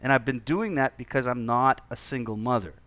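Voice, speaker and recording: Mid-pitched Canadian-born man, rambling and profane, dry close sound, casual chat. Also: brisk, a bit bright, no echo. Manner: rambling, profane, many restarts.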